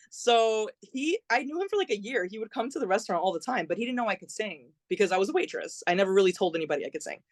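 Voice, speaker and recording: A young adult woman, a singer-songwriter appearing as a podcast guest, tells her story in a chatty, conversational way full of fillers and acted-out quoted dialogue. Her mid-range voice is animated and fast in a dry recording.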